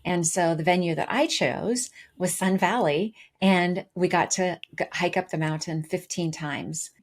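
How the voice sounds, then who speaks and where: A woman's voice: lowish voice, unhurried. A woman co-hosting a podcast, telling her story in a chatty way with frequent restarts. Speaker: podcast co-host. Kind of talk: casual chat.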